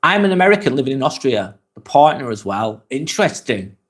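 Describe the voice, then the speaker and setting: A man's voice: medium pitch, fairly quick. Guy doing a chill live vlog, chatty, reading out comments and asking questions. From England. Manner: relaxed, chatty, asks many questions. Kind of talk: casual live-stream chat reading comments.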